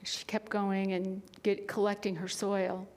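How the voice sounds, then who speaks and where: A woman minister tells a story in earnest sermon style, sometimes falling to a hush. Her voice rings out with a long reverb, as in a church hall. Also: mid-range voice, level tone, measured pace. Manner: earnest storytelling with soft, hushed passages. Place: spiritual center sanctuary.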